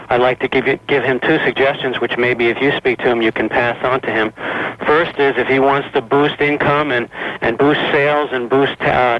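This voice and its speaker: Earnest male radio caller. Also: medium pitch. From Manhattan. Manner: earnest, steady, makes suggestions. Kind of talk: call-in talk radio. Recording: muffled lo-fi radio phone call.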